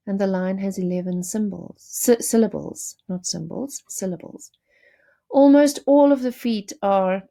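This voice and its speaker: Gravelly-voiced woman teaching poetry. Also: mid-range voice, dark tone. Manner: measured, explanatory, with self-corrections and fillers. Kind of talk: recorded literature lecture.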